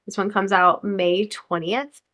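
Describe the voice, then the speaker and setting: A woman's voice: mid-range voice, steady tone, a little slow, sharp tone. A young American woman chatting casually about upcoming books, enthusiastic and talkative, sometimes reading blurbs aloud. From United States. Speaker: book vlogger. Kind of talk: casual chat.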